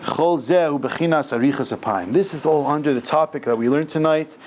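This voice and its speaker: A man as a rabbi giving an animated religious lesson, mixing scripture with casual slang, in a synagogue basement. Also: fairly high pitch, fairly quick, slight background noise. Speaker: rabbi teaching a weekly class. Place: synagogue basement room, indoors.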